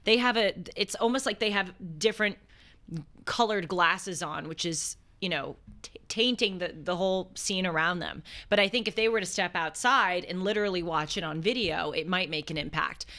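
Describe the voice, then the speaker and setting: A woman co-hosting a talk show, setting out her opinions in measured, full sentences. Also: fairly low pitch, sharp tone. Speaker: co-host. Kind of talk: casual conversational talk show.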